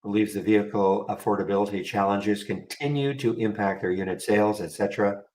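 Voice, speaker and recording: Brief: male host, lowish voice, rambling and dry, live stock-trading commentary. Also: steady tone, fairly quick, darkish tone, poor audio. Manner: rambling, wry, talks to chat viewers.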